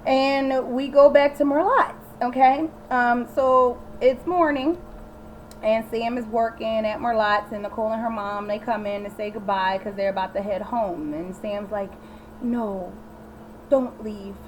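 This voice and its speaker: A sassy, animated woman recaps an episode in a casual vlog. Her voice sits a little high, and she talks straight to the viewer. A faint hiss runs under the recording. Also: moderate pace, low-quality recording. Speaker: TV recap vlogger.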